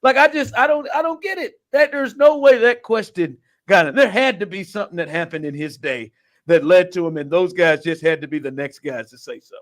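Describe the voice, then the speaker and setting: Animated high-voiced man, sports talk. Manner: animated, incredulous, quick laughs, fillers like "like". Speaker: podcast host.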